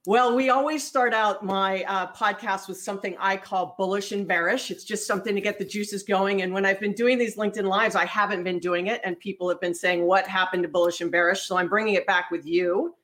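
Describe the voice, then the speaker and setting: A woman's voice: mid-range voice, steady tone, a little fast, hardly any pauses, fairly bright tone. A woman hosting an interview podcast, upbeat and friendly as she talks with her guest. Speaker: podcast host. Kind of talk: hosted interview.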